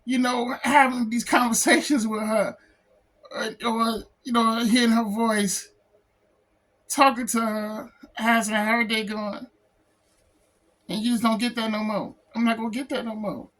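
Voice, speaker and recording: Tearful man grieving, halting speech. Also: very high voice, little pitch movement, fairly bright tone. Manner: halting, repeats phrases, says "man" a lot. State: tearful, close to crying. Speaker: comic book artist. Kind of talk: emotional personal vlog.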